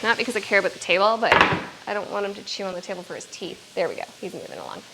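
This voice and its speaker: A woman's voice: mid-range voice, expressive, racing, very noisy. A woman streamer chatting casually, swearing now and then and talking to her puppy. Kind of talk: casual live-stream chat.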